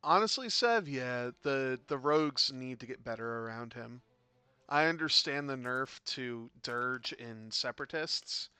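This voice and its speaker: Man, game caster, bright clear voice, rambling chatty delivery with loud bursts, faint music underneath. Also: mid-range voice, expressive, measured pace, no echo. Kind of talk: casual game commentary.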